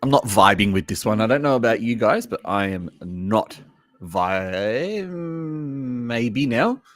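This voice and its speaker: A mid-range male voice takes things slowly, recorded with clean studio sound and no echo. The Australian host reacts to trailers during a casual live stream, chatting with viewers and adding lively asides.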